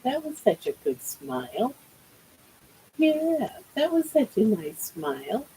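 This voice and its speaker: A woman's voice: sits high, very animated, slow pace, mellow, slight background noise, poor audio. An older woman hosting a casual livestream from home, cooing baby talk to her pet. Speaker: livestream host.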